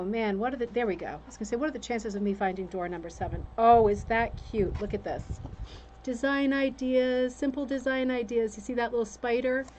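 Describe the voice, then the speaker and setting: A woman's voice: medium pitch, a little mellow, highs cut off. A woman hosting a casual craft livestream from a room upstairs at home, chatting and greeting viewers by name. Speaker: host of a rug hooking livestream. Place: room on a home's second floor with a fan. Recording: faint room noise, fan hum.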